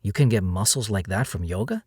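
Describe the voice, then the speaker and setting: A man voicing a proud jungle guide with a Spanish accent, gently teasing, read in an audiobook. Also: on the low side, animated, brisk, husky, no room sound, studio quality.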